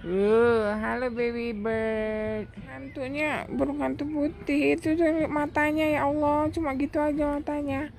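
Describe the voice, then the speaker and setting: A woman vlogging casually, cooing at birds in a high baby voice. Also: fairly even intonation, normal speed, creaky, hardly any pauses, a little mellow, faint music behind. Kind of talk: casual travel vlog.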